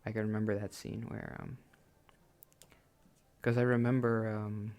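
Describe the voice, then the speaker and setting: A man's voice: lowish voice, flat delivery, measured pace, darkish tone. A man in his late twenties hosting a gaming channel, rambling casually and self-deprecatingly, often laughing at himself. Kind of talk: casual let's-play chat.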